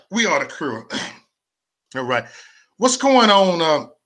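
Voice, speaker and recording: A man ranting on a live stream, stammering and repeating words, his mouth dry and his voice going hoarse. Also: on the high side, pushed and bright. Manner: stammering repetitions, fiery ranting. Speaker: political vlogger. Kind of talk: live-streamed political rant.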